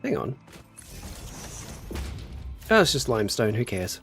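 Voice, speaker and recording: A man's voice: mid-range voice, huge pitch swings, unhurried, a bit bright, soft background music. A man casually chatting on a gameplay livestream, muttering to himself while building and answering his chat. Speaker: streamer.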